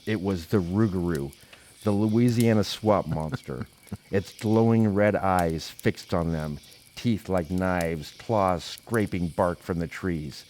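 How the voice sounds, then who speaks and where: A man, a podcast host, narrating a comedic spooky story in a deadpan voice that keeps cracking into laughter. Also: low voice, slow.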